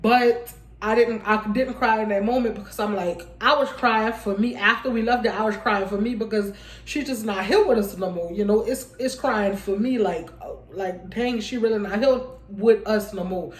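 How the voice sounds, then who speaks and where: Young woman vlogger, mid pitch, loose rambling delivery to camera, roomy echo. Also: moderate pace. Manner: rambling, restarts often, addresses viewers as y'all. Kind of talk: casual heartfelt vlog talk.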